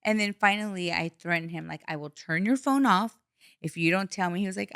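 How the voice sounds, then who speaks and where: A woman's voice: fairly low pitch, a little fast, clean tone, no room sound, studio quality. A middle-aged woman hosting a podcast, telling stories bluntly and swearing freely in casual chat. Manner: blunt, animated storytelling with swearing. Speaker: podcast host.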